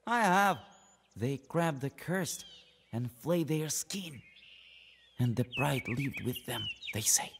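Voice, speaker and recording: A man's voice: a little high, lively intonation, slow pace, fairly bright tone, slightly rough, exaggerated voice. An actor voicing a brash young male witch hunter in a video game, boastful and suspicious. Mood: sly. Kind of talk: game voice acting.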